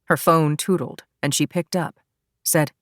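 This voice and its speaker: A woman narrates a crime thriller audiobook in an even, steady way. Her voice is very low, and the recording is dry and close, with no room around it. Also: a little slow, dry recording. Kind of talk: scripted narration.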